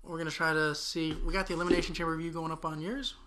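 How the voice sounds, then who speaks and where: A man's voice: on the high side, level tone, racing, background noise. A young man co-hosting a casual podcast, ranting with lots of swearing. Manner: profane, ranting. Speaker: podcast co-host. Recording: audio-only podcast.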